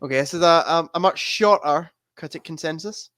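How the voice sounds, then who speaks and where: A man's voice: on the high side, a little fast, bright, forceful tone, no echo, studio quality. A man co-hosting a podcast, quizzing his friend on movies in casual chat and laughing as he gives clues. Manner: laughs while giving clues. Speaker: podcast co-host quizzing a guest.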